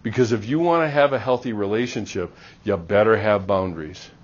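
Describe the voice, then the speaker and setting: Man, middle-aged, university lecturer; animated, plays out dialogues; lo-fi classroom recording. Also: on the low side, brisk. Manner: animated, acts out little dialogues.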